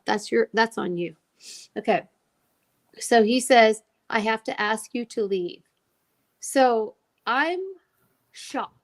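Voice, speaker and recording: A woman telling an emotional personal story as a guest, acting out the voices of the people she quotes. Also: fairly high pitch. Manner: animated, acts out quoted dialogue.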